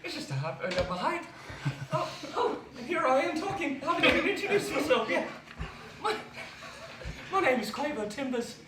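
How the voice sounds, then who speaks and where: An exuberant little gnome fellow, played by a woman at a tabletop game, high and bouncy in pitch, gushing and giggly. The voice swings widely as he talks. It sounds roomy and a little distant from the mic, with steady background noise. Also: normal speed. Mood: effusive. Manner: bubbly, giggly, effusive. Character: exuberant young male gnome adventurer. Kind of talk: tabletop role-play in character.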